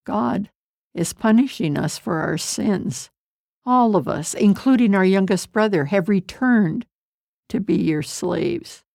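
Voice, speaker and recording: Storybook: woman voicing a grown man begging earnestly, slow and raspy-edged, dry. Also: mid-range voice, expressive, darkish tone, no echo. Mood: pleading. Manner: earnest, pleading. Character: Judah, grown man pleading for his brother.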